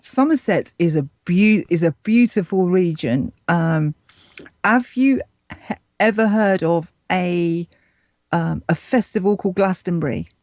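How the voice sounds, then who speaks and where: A woman's voice: lowish voice, unhurried, darkish tone, no echo, studio quality. Playful English woman co-hosting. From England. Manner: playful, teasing, laughs easily. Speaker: co-host, correspondent. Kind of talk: casual podcast chat.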